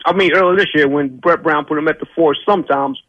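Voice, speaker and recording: A man's voice: on the high side, fast talker, a bit bright, no echo. A man calling in to a sports radio show, rambling and hesitant with many fillers. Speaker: caller. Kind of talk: phone-in call. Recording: dull phone line.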